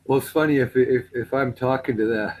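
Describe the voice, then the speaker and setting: A man's voice: medium pitch, a little fast, a little hiss or hum, poor audio. A man from Canada in a casual voice chat, telling stories with a laugh and slipping into other accents. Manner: animated, puts on British accents while retelling, laughs often.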